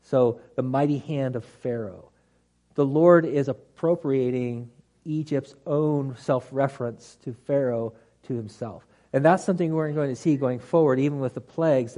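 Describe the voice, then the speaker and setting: A man with a warm, medium-pitched voice teaches a Bible study class to a group. He talks through the text conversationally, with restarts and dry humorous asides.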